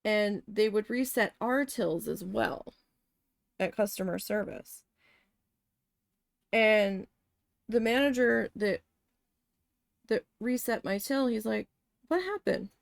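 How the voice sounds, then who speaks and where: A woman's voice: mid-range voice, slow, vocal fry, pauses often, no room sound, clean studio sound. A woman chatting casually while she paints, telling a long, candid, profane story with rambling self-corrections. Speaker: art vlogger recalling a retail cashier job.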